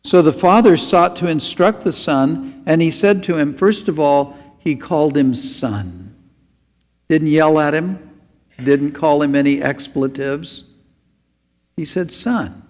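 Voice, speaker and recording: A man's voice: a little high, slow pace, darkish tone, in a large hall. A man preaching a sermon as pastor, earnest and pleading.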